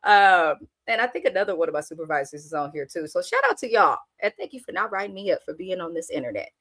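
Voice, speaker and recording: A woman, hosting a live, casual reality TV recap in a blunt, animated and profane way. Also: fairly low pitch, fast. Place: at work on a lunch break.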